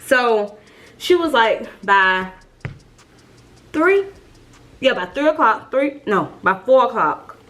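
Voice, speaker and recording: A young woman telling a storytime vlog, chatty and lively, calling her viewers y'all. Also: a little high, slow pace, pauses often. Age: young adult. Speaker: vlogger.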